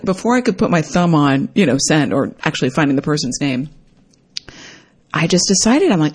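Woman, husky low-ish voice, animated personal storyteller who mimics the voices in her anecdotes. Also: moderate pace. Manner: animated, acts out quoted dialogue with big pitch jumps.

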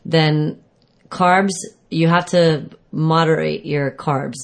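A woman's voice: deep voice, steady tone, slow pace, vocal fry. A woman fitness trainer giving casual advice on food and exercise, rambling and correcting herself as she explains.

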